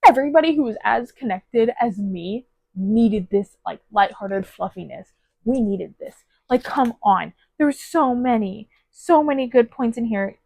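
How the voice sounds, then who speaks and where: A woman's voice: mid-range voice, expressive, normal speed, vocal fry, darkish tone, no room sound. A woman giving a casual, gushing book review on her phone, full of fillers and emotional asides. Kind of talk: casual spoiler book review with read-aloud passages.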